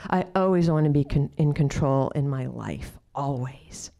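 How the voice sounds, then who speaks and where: Low-voiced woman telling a personal story. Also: gravelly. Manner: drops to hushed, near-whispered asides; slows right down on quoted questions. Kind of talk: personal storytelling before an audience. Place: live storytelling stage.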